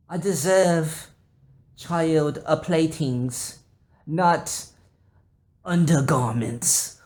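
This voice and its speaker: A man putting on a prim, high-pitched spoiled little girl. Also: a little mellow. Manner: prim, overly formal and indignant. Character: haughty spoiled little girl scolding her parents.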